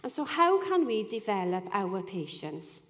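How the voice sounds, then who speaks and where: A woman delivers a sermon in an earnest, chatty way, often pausing for a "you know." Her voice sits at an ordinary middle pitch. A long reverb trails each phrase, as in a large hall. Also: very animated, a bit bright. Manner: earnest, conversational, with frequent "you know" asides. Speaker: speaker giving a devotional talk.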